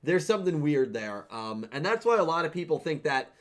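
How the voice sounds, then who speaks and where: A man co-hosting a casual podcast, talking in animated bursts that break off and restart. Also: fairly high pitch, fairly quick. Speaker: podcast co-host.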